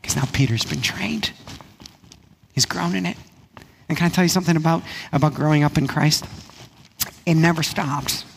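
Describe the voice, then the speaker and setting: Man, pastor, sermon, somewhat high voice, talky and repetitive, hushed emphasis, faint noise behind. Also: vocal fry. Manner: conversational preaching with frequent repetition and "right?" asides; drops to a hushed, slow voice for emphasis.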